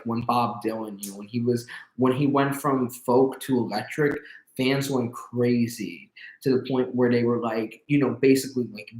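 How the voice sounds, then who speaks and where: A man's voice: mid-range voice, darkish tone. A young man hosting an interview, telling stories in a rambling, casual way full of fillers. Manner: rambling storyteller, many fillers. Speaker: interview host. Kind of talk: casual conversation. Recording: roomy echo.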